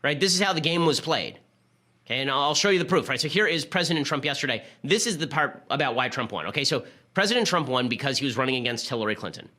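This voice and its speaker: Fast, bright-voiced male commentator. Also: mid-range voice, animated. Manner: rapid, sarcastic, argumentative. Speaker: host. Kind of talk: political commentary.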